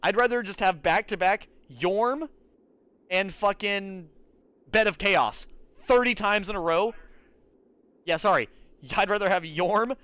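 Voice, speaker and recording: High, animated young man ranting. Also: clean tone, dry recording. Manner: profane, exasperated, animated ranting. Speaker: streamer. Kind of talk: ranting gameplay commentary.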